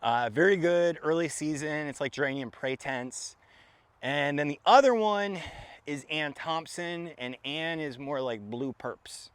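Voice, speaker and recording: A man's voice: a little high, unhurried, clean tone. A man from Florida chatting casually on a gardening live stream, joking and talking to his cat as he walks around.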